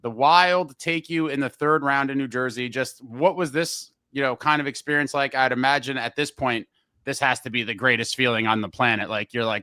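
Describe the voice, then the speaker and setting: Bright-voiced man hosting an interview. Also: medium pitch, moderate pace, clear, resonant tone, dry recording. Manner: enthusiastic, rambling questions with many fillers. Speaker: podcast host and interviewer. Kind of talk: casual interview.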